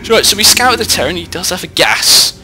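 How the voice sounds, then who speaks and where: Lively high-voiced British teen commentator. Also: male voice, a little fast, music in the background. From Britain. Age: teens. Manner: jokey, rambling, self-mocking. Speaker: gameplay commentator. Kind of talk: live game commentary. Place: indoors at home, away from the usual recording spot. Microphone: headset mic.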